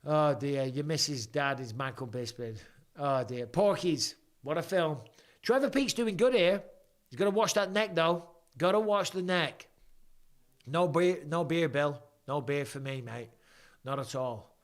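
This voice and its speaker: A man's voice: fairly high pitch, measured pace. Chatty man streaming fight commentary. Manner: chatty, jokey banter reading viewer questions aloud. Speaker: live stream host. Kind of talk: casual live fight commentary.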